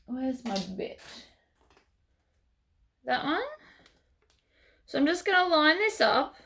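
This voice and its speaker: A woman's voice: sits high, lively intonation, takes it slowly, fairly bright tone. A woman hosting a sewing tutorial, chatting casually as she works through each step.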